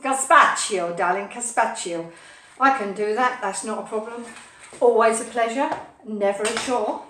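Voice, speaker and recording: A woman's voice: a little high, moderate pace, pushed and bright, reverberant, recorded from a distance, slight background noise. A woman hosting a casual live cooking stream from her home kitchen, chatting playfully with viewers as she cooks. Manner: chatty, playful, sing-song asides. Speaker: cooking show host.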